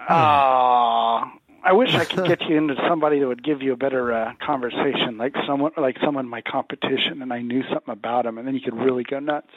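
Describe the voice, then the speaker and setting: A man's voice: medium pitch, racing, few pauses, dry recording, phone-quality sound. A man who sells furniture, cracking jokes and coaching a host through prank calls. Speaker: furniture salesman guest. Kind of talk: casual banter.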